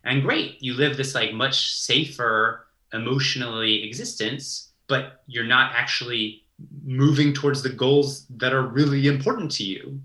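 A man in his thirties talks in a bright, forceful voice, animated as he tells stories and slips into the voices of people he quotes. The room around him has a roomy echo. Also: mid-range voice, a little slow. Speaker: guest. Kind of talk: casual conversation, storytelling.

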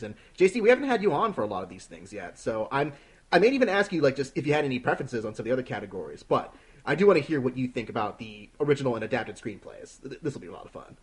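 A man hosts a casual film podcast with a husky edge to his voice. His pitch swings a lot as he rambles through the agenda, and he breaks into laughter often. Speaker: podcast host. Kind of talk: casual chat.

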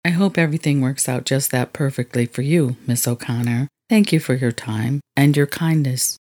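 A man's voice: medium pitch, moderate pace, darkish tone, pitched below the performer's own voice, natural voice. Woman reading as a courteous apologetic businessman. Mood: gracious. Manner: formal, courteous. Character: polite apologetic male business buyer.

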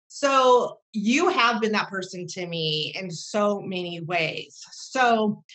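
A woman's voice: medium pitch, slow pace, fairly bright tone, rough recording. A woman in her thirties, a podcast guest, telling earnest personal stories in a rambling way, with many fillers and restarts. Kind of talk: heartfelt casual storytelling.

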